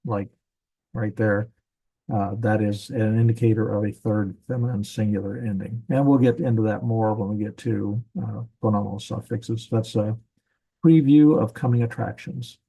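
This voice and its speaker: A man teaching a Bible language grammar class in a church classroom, patient and explaining step by step, repeating himself and slowing down on key words. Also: lowish voice, level tone, gravelly, warm tone, slightly rough, poor audio.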